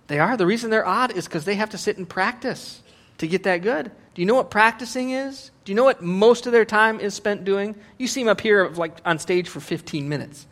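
A man in his forties preaching a humorous sermon in church, joking and acting out quotes. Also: sits high. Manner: joking, animated, acts out quotes. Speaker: pastor.

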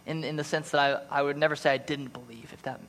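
A man's voice: on the high side, fairly even intonation, fast talker, a bit bright, slight background noise. A man from Canada preaching a sermon, earnest and eager, often repeating himself.

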